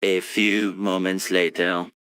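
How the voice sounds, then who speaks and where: A synthetic voice doing a solemn male documentary-style narrator, very low and flat, slow and smooth. He announces each line with deep, even gravity, recorded dry and close. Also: dry recording. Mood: announcing.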